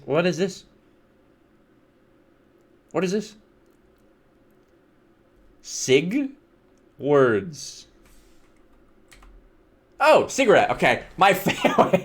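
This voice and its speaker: A young man with a fairly high, animated voice that swings up and down as he reacts. He reads slides aloud in a casual, bemused way and breaks into chuckles and wry asides. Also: slow pace, long pauses. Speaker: streamer reacting to viewer slideshows. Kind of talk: casual live-stream commentary.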